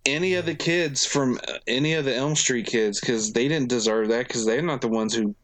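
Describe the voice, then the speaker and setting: A man's voice: mid-range voice, normal speed. A man co-hosting a casual podcast, rambling with restarts and laughing as he acts out film characters. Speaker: podcast co-host. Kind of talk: casual horror movie chat.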